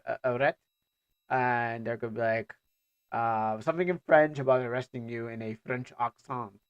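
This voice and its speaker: A man chatting on a live stream in a loose, rambling way, full of restarts and stammers. His voice sits at an ordinary middle pitch, and it was recorded close and dry with no room sound. He keeps breaking off into joking asides as he reacts. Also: no room sound, dull audio.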